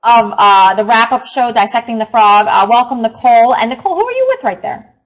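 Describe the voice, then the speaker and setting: A woman hosts a live webcam talk show, teasing her guests and bossily steering the chat. Her voice sits a bit high, and the audio is dull and lo-fi. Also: expressive, a little fast. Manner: teasing, bossy moderator.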